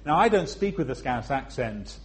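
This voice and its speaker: There's slight background noise as a man from Liverpool delivers a church sermon in a faint Liverpool accent. He speaks expressively, drawing out phrases for stress, jumping high to emphasize points, and adding humorous asides.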